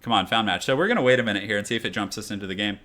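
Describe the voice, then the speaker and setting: A man's voice: on the low side, racing, bright, forceful tone, soft background music. A young man casually commenting on his live game stream, chatting loosely and answering chat as he goes. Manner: chatty, reads chat aloud, many fillers.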